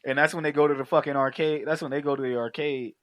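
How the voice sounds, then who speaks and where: A man's voice: fairly high pitch, quick pace, dry recording. A man hosting a podcast, recapping a film in casual slangy chat and acting out the characters' lines. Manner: animated, acts out characters' lines, slangy and profane. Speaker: podcast host.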